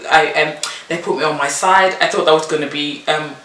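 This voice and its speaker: Animated woman telling a story in an echoey room. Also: low-pitched, a little fast. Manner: animated, acts out the midwives' and her own lines in a raised voice. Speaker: vlogger telling her birth story. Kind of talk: casual storytelling to camera. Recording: echoey room, mic at a distance, faint hiss.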